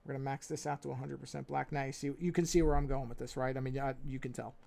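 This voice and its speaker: A man's voice: medium pitch, fairly even intonation, fast, vocal fry, dark tone. A man with a New York accent thinking aloud and humming to himself as he narrates his drawing on a casual live stream.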